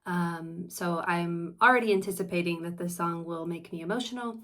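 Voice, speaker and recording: A woman's voice: on the low side, normal speed, fairly bright tone. A woman therapist hosting a reaction video, talking in a casual, earnest and reflective way as she shares personal stories.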